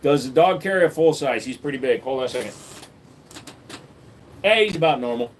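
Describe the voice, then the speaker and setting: A man's voice: medium pitch, animated, brisk, slight background noise. Chatty man live streaming at home. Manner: chatty, jokey, talks to his dog in a baby voice. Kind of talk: casual live stream chat.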